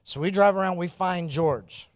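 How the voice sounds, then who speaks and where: A man recounting a mission story in a fairly high, animated voice. He laughs often and acts out the dialogue, then goes hushed and earnest when it turns serious. The sound is bone-dry, with no room around it. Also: moderate pace, no echo. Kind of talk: storytelling testimony.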